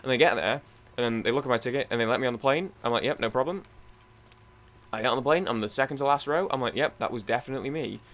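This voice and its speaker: A young man, casually rambling through a story while playing a game, animated and swearing freely. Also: mid-range voice, quick pace. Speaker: gaming video host.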